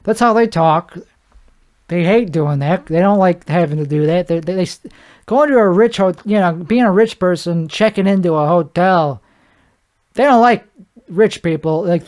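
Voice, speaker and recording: A man's voice: high-pitched, moderate pace. Rambling man riffing on a solo podcast. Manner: rambling, riffing, with mouth sound effects; frequent restarts and stammered repeats. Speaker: podcast host. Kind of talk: comedic solo podcast monologue.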